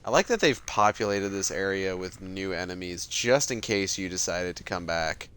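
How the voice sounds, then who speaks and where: A man's voice: low-pitched, moderate pace, a bit bright, smooth. A man casually talking while playing a video game, rambling with lots of fillers and cursing freely. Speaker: gaming streamer. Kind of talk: casual let's-play commentary.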